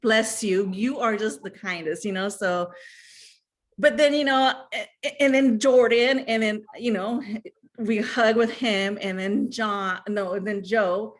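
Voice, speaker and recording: A woman in her thirties or forties telling a personal story in a chatty, animated way, full of fillers and asides. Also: mid-range voice, unhurried. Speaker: guest sharing fan memories. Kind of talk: casual storytelling chat.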